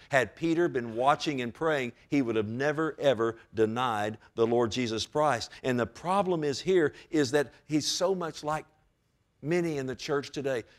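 Impassioned male preacher. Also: medium pitch. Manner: impassioned preaching with emphatic rises and direct calls to the congregation. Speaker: pastor. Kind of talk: sermon.

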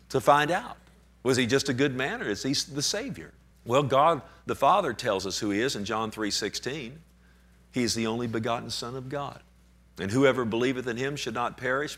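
A man as pastor preaching an emphatic sermon, pushing his voice up and dropping it low for emphasis. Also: a bit bright.

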